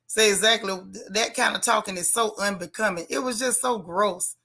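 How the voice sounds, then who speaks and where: A bright, forceful woman talks straight into her webcam on a casual livestream. She is blunt and sassy, and she reads viewer comments aloud as she goes. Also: mid-range voice, normal speed. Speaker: livestream host. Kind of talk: casual live chat reacting to a TV show.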